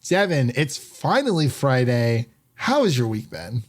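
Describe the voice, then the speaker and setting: An upbeat, chatty man hosts a relaxed podcast conversation. His voice sits at an ordinary middle pitch. He talks in an easygoing, friendly way. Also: a little slow. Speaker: podcast host. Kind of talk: casual podcast chat.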